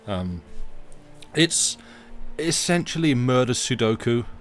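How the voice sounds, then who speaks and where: A man's voice: mid-range voice, lively intonation, slow pace, faint music behind. A man co-hosting a live game stream, rambling casually with lots of hesitant ums.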